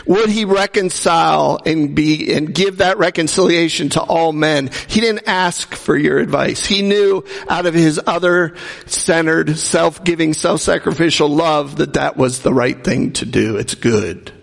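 Gravelly preacher in a reverberant hall. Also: male voice, fairly high pitch, a little slow. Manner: conversational preaching with jokes and acted-out quotes. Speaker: pastor. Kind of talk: sermon.

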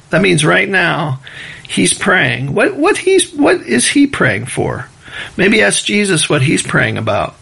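A man preaching a sermon in a relaxed, conversational way, chuckling as he mimics rushed and loud prayers. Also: medium pitch, creaky, husky. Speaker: pastor.

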